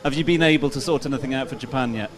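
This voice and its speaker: A man's voice: mid-range voice, very fast, soft background music. A man with a Hereford accent interviewing a guest, asking questions conversationally with frequent stammering restarts.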